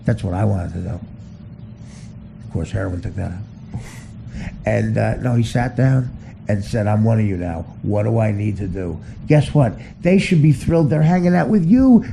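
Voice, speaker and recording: A man ranting in a profane comic style, laughing at his own jokes and dropping to a hushed near-whisper when confessing. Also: mid-range voice, lively intonation, moderate pace, gravelly, background noise. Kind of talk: profane comedic rant.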